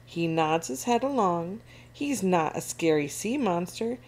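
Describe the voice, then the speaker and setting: Slow, expressive woman reading a storybook. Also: fairly low pitch. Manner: expressive, animated. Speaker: children's book reader. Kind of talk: storybook read-aloud.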